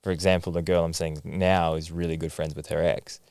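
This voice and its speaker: A young man hosting a casual podcast chat, relaxed and full of fillers like "like" and "man". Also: sits low, brisk, gravelly, clean tone, no room sound. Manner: relaxed, filler-heavy, says "like" and "man" often. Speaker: podcast host.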